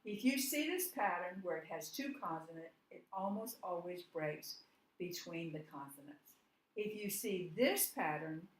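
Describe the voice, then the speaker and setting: A woman teaching a phonics lesson, walking through each step slowly and patiently. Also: lowish voice, reverberant, poor audio. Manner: slow, patient, step-by-step explaining.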